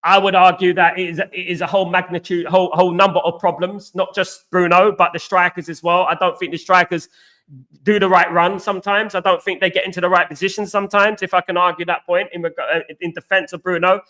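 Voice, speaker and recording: A young man hosting a casual football live stream, greeting viewers by name and repeating himself, his voice going hoarse. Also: sits high, level tone, fairly quick, sharp tone. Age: young adult.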